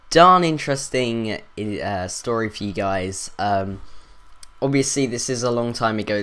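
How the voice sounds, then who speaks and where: A man with a low voice tells a school story in a loose, rambling way. He stops and restarts often, and faint music plays under him. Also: pushed and bright. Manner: rambling, filler-heavy, self-interrupting. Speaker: vlogger. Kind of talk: casual storytelling.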